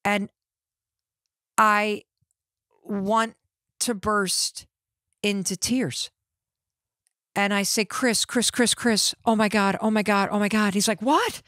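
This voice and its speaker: Animated middle-aged woman telling a story. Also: mid-range voice, slow pace, pauses often, no echo, studio quality. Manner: acts out quoted voices of family and ranger. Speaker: podcast host.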